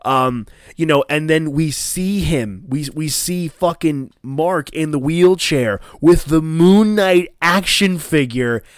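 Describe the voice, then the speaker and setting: A man hosting a casual chat, excitedly recapping an episode and swearing as he acts out scenes in a raised voice. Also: fairly high pitch, slow pace, hardly any pauses, no room sound, studio quality. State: coughing. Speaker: podcast host.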